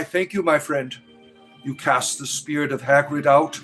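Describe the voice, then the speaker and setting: A man's voice: fairly high pitch, a little slow, a bit bright, soft background music. Sarcastic man hosting a livestream. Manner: sarcastic, scornful. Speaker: livestream host answering chat. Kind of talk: casual mocking chat.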